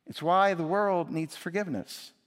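A man's voice: sits high, moderate pace. Male pastor preaching in a reverberant hall. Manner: emphatic, rising and dropping for effect. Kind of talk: sermon. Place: church sanctuary. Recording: long reverb of a large hall.

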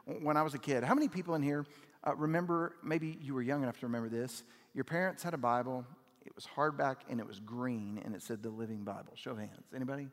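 A man preaching a sermon as pastor, conversational with fillers, swinging from loud emphatic peaks down to low, quiet lines. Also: quick pace. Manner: conversational, with "like" fillers and audience questions. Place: church auditorium. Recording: long hall reverb.

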